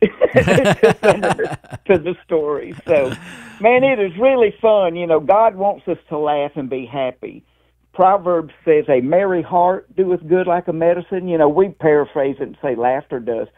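A comedian from Mississippi in his sixties with a Southern accent, telling stories in a lively, folksy way during an interview. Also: fairly high pitch, normal speed. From Mississippi, USA. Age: 60s. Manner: lively storyteller, calls the host "man" and "dude". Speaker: stand-up comedian guest. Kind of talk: interview over the phone. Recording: tinny phone line.

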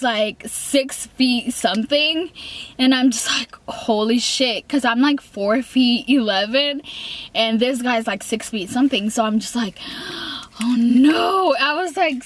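A woman's voice: high-pitched, fairly bright tone. A young woman telling a storytime in a casual, rambling way, full of fillers and restarts, often laughing and quoting herself. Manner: giggly, laughs between lines. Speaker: vlogger.

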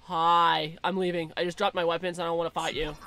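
A young woman streaming a game, chatting casually, giggling and calling out excitedly to the animals in the game. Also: fairly low pitch, fairly quick, vocal fry, slight background noise. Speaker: gaming streamer. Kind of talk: casual gameplay commentary.

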